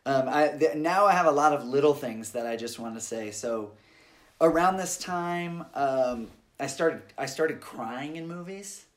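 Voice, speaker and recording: A man in his thirties co-hosting a podcast, telling personal stories in a casual, animated way. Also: fairly high pitch, measured pace. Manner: animated storyteller, acts out quoted family voices. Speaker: podcast co-host. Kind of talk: casual chat.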